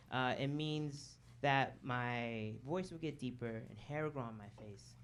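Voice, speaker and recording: A man telling a story in a stand-up comedy set on a club stage, chatty and full of asides, with the audience laughing. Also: on the high side. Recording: live club recording with audience noise.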